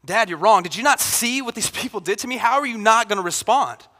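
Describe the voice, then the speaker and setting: A man's voice: high-pitched, expressive, fairly quick, bright, forceful tone. A man voicing an indignant, self-righteous male prophet who fires accusing questions at God. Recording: long hall reverb.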